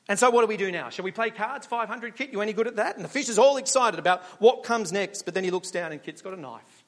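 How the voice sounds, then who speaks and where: A man with a high voice preaches a sermon at a fast clip, animatedly telling stories and posing rhetorical questions. The pastor's recording carries a long hall reverb.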